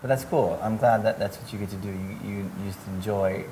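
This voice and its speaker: A man's voice: lowish voice, fairly even intonation, a little fast, dark tone, slight background noise. A male podcast host asking questions in short, friendly prompts and signing off the episode. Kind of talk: casual interview talk.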